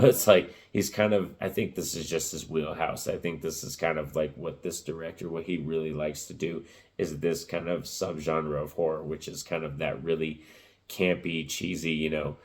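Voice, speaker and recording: A man with a very low, deep voice talks through a movie review in a loose, rambling way. He keeps circling back with fillers, and his voice sounds rough and cracking. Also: fairly even intonation, moderate pace, a little mellow. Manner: rambling, lots of fillers like "you know" and "like I said". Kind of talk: casual spoken movie review.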